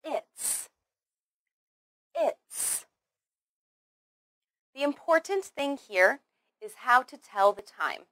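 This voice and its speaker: A woman with a slightly high, fairly bright voice and lively intonation teaches English pronunciation. She follows a slow script, exaggerates her articulation, repeats words as drills, and praises the learner.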